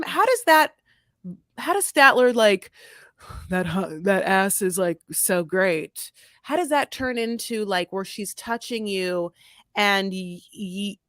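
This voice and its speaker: A woman's voice: a little high, a bit bright, no room sound, studio quality. A woman co-hosting a podcast, recapping a reality show in casual chat and rambling on with lots of "like" and self-interruptions. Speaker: podcast co-host.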